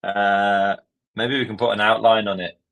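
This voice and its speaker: A man's voice: lowish voice, fairly even intonation, normal speed, fairly bright tone. A man from Northern Ireland leading a live online design lesson in a casual, chatty way, thinking aloud as he works. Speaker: tutor.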